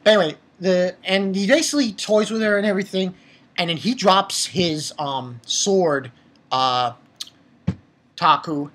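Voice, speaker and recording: A man giving an animated, profane episode review, mocking the show and swinging between near-shouts and low muttering. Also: unhurried. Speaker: anime reviewer.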